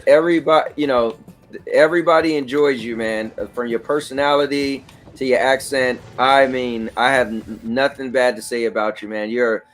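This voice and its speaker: A man hosting a casual chat while playing a game, relaxed and reading out game stats. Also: medium pitch, normal speed, faint music behind. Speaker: host.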